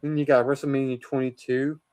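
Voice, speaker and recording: A man in a casual vlog, going through his movie collection and giving chatty, opinionated takes, often pausing with uh and um. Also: medium pitch, level tone, a crowd in the background. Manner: chatty, opinionated, with many uhs while listing titles. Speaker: vlogger showing his DVD collection.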